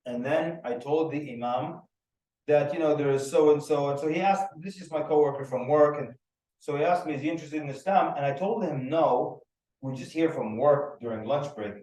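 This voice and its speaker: A man's voice: a little high, normal speed. A man giving a workshop talk, telling anecdotes and acting out the people in them. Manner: animated storyteller who acts out the people in his stories. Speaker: workshop speaker. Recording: roomy echo, mic at a distance.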